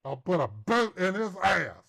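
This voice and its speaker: Brash taunting older caller voiced by a man, high voice, crude insults. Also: sing-song, normal speed, vocal fry, a bit bright, full character voice. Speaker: scambaiter host. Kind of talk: prank call taunting.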